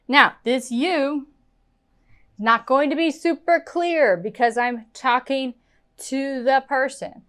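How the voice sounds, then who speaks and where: High-voiced, unhurried woman teacher. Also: a bit bright, clear, resonant tone. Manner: slow, deliberate, repeats example phrases to model them; playful, chatty with the learner. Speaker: English pronunciation teacher. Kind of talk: spoken English lesson.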